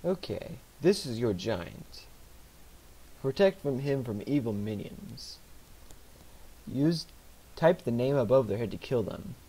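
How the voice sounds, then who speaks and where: A gaming channel host does let's play commentary at his computer, muttering and reading game text aloud while he types. His mid-range voice is very animated yet slow, with frequent pauses, over loud background noise.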